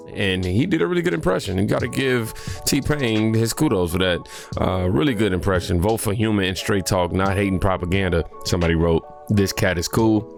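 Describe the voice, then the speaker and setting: A man's voice: lowish voice, creaky. A man giving casual political commentary in a conversational way, with frequent fillers.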